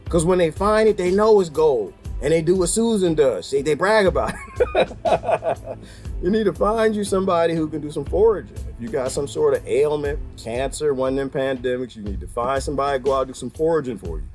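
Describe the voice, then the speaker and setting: Animated joking man with faint music. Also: a little high, brisk. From United States. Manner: joking, animated, laughs often, rambling asides; addresses viewers as "people" and "y'all". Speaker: vlogger. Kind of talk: casual comic monologue.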